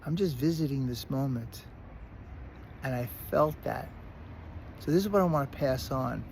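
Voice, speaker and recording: A man with a Brooklyn accent telling a personal story in a casual, animated way, often restarting and repeating words. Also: mid-range voice, moderate pace, creaky, slight background noise. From Brooklyn, New York. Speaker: recovery speaker.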